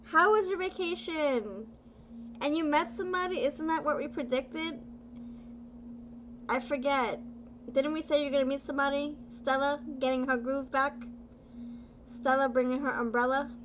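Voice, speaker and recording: A woman tarot reader chatting live with her viewers, bubbly and playful, often excited and drawing her words out. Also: high-pitched, moderate pace, pauses often, noisy background. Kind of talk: casual live-stream chat with viewers.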